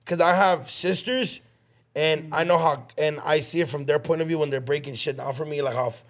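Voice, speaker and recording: A man's voice: fairly high pitch, steady tone, brisk. A young man in casual podcast chat, rambling, slangy and swearing freely. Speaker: podcast co-host.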